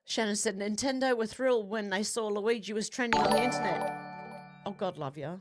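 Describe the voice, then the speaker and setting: A woman hosting a livestream, reading out her viewers' comments one after another. She answers them in a casual, chatty way, slipping in quick asides and opinions of her own. Her voice sits at an ordinary middle pitch. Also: loud music behind the voice. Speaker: livestream host.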